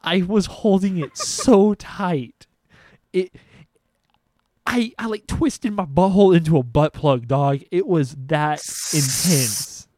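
A young man casually telling crude stories on a podcast, animated and profane. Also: high voice, slow, dry recording. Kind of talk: casual storytelling chat.

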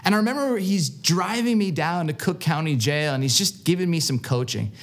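A man's voice: on the high side, animated, fairly quick. Earnest storytelling male preacher. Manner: earnest storytelling preacher, repeats and stammers on words. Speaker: pastor. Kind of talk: sermon.

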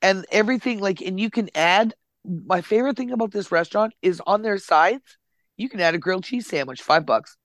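An excitable man with a voice pitched a little high. He chats casually and swears freely as he hosts a podcast. The sound is close and dry, with no room echo. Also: brisk. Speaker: podcast host. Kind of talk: casual chat. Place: Nova Scotia home recording.

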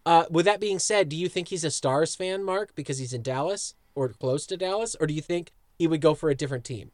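A man co-hosting a podcast, giving blunt, opinionated takes and swearing freely. His voice sits a little high and sounds dry and close to the mic. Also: brisk, dry recording. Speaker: podcast co-host. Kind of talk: casual podcast chat.

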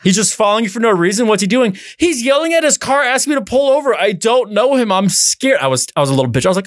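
Podcast co-host, young man, high voice, rapid and animated delivery, dry close mic. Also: dry recording. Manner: fast, animated, laughs through his story, swears a lot. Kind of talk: casual storytelling chat.

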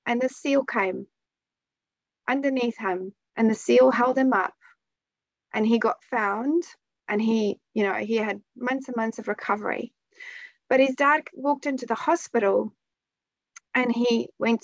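A woman telling a heartfelt story in an earnest way, with pauses and restarts, in a spiritual conversation. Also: on the high side, no room sound. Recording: dull lo-fi sound.

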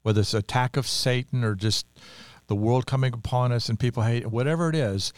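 A man's voice: mid-range voice, fairly quick, smooth, no room sound. An older man co-hosting a casual Bible discussion podcast, speaking in an earnest, heartfelt, teaching way. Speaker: podcast co-host.

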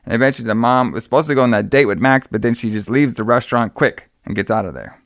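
A man recapping a movie in a loose, rambling way, stacking "and then" on "and then." His voice sits at an ordinary middle pitch. The sound is dry and close, with no room around it. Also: fast, no echo. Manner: rambling retelling with acted-out quotes. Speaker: podcast co-host recapping a film. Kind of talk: casual chat.

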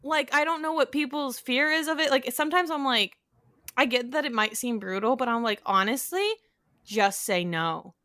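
A woman's voice: sits high, normal speed, pushed and bright, dry recording. A young woman co-hosting a podcast, telling a dating story in a casual, chatty way full of fillers. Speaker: podcast co-host. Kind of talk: casual chat.

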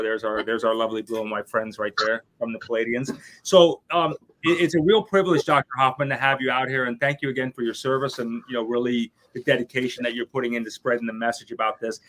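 A man's voice: medium pitch, steady tone, fast talker, a bit bright, low-quality recording. Upbeat man co-hosting a podcast. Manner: upbeat, welcoming. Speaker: podcast co-host.

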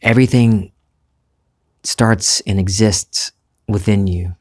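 A man with a mild Southern US accent, talking through a reflective spiritual monologue in a musing, unhurried way, restarting phrases and laughing easily. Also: lowish voice, fairly even intonation. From Southern United States. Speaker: spiritual vlogger, former reporter.

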